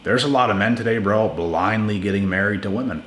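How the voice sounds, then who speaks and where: A man with a fairly low voice speaks bluntly and with emphasis, hammering points home by repeating words. He addresses his listeners casually, like friends. The room is echoey, with a faint hum of ambience behind him. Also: fairly quick, a bit bright. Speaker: channel host giving relationship advice. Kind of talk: casual advice monologue.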